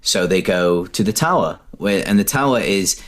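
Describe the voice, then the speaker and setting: A man's voice: low-pitched, moderate pace. A man co-hosting a podcast, animatedly retelling film scenes in casual chat. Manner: animated retelling, acts out movie lines. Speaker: podcast co-host.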